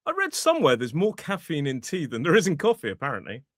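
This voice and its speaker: A British man talks in a bright, fairly high voice that swoops all over as he jokes with his co-host. He is animated and quick to exclaim. His voice is close and dry on the mic. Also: dry recording. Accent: British English. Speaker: podcast co-host and English teacher. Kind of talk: casual chat.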